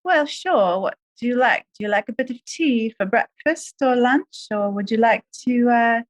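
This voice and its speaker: A woman doing a playful mock-posh British voice, offering tea and a quiet evening. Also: fairly high pitch, expressive, moderate pace, pitched above the performer's own voice, lightly acted.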